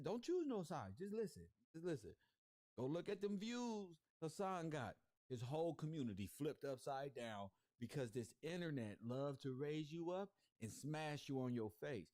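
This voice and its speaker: Confrontational livestream host, a man, slangy and repetitive, slightly high voice, dry close sound. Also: darkish tone, no echo. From South Central Los Angeles. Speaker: YouTube commentary host. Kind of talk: livestream commentary rant.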